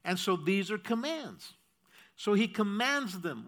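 Emphatic high-voiced male preacher. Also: sing-song, a little slow, a bit bright. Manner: emphatic preaching, repeats key phrases, asks the congregation questions. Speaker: pastor. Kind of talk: sermon.

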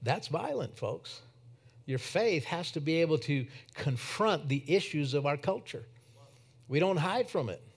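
Higher-pitched preacher man telling a testimony. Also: lively intonation, measured pace, husky. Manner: storytelling, swinging from emphatic to hushed. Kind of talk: sermon with personal testimony.

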